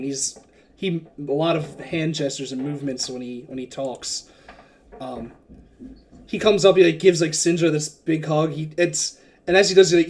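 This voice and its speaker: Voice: medium pitch, a little mellow. Chatty game master narrating a tabletop game. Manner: loose, chatty narration with self-mocking asides.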